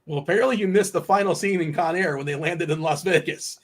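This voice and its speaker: Playful man hosting, slightly higher voice. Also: fast. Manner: playful, teasing, rattles off lineups. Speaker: host. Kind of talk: casual sports betting chat.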